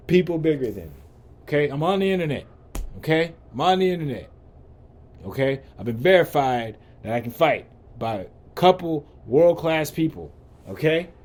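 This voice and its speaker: A man's voice: on the high side, a little mellow. A man hosting a podcast, ranting in a heated, profane way and repeating rhetorical questions. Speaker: podcast host. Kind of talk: ranting commentary.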